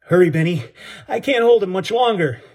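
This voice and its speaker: A man voicing a desperate young male marine, pleading and strained as he shouts for help. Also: sits high, lively intonation, brisk, husky, voice pushed up.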